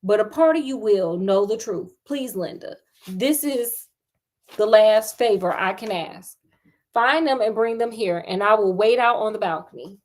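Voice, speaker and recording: A woman's voice: mid-range voice, a little slow, darkish tone, close to an everyday voice. A woman voicing a grieving teenage boy who pleads earnestly with his girlfriend, in a storytelling reading. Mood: pleading.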